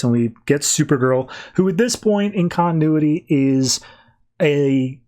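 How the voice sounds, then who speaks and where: A podcast host with a fairly high voice, recapping a comic in loose, chatty fashion. He is wry and offhand, and often drops into quick voices for the characters. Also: a little mellow. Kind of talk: casual comic book recap.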